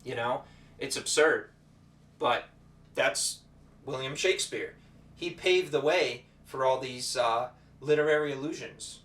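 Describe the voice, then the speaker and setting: A man teaching as the host of an educational show, talking in a playful, energetic showman style with repeated greetings. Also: mid-range voice, measured pace. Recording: roomy echo, voice distant from the mic.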